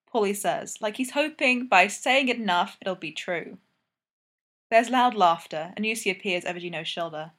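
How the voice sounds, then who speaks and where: A woman's voice: medium pitch, normal speed, a bit bright. Woman reading a story aloud. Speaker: fanfiction reader.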